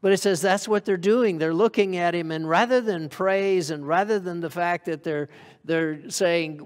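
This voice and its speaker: A man's voice: fairly high pitch, fairly even intonation, a little slow, big-room sound. A man preaching a sermon to a congregation in a conversational way, often asking them questions. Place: church hall.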